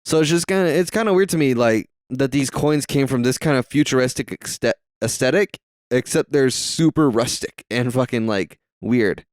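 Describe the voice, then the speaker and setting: A young man with a Southern US accent rambles through a casual movie-watching chat, dropping curses and jokes as he goes. His voice is smooth and resonant at a middle pitch. It sounds dry and close to the mic. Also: normal speed, darkish tone, no echo. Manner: rambling, profane, jokey. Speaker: podcast co-host.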